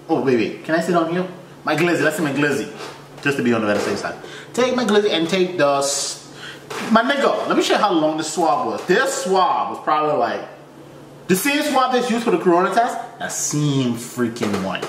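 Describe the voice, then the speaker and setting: Man, comic storyteller, high-ish lively voice, roomy sound, slangy and frank, acts out his reactions. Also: normal speed, far from the mic, slight background noise. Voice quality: animated, swings between high yelps and low mutters. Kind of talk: comedic personal story.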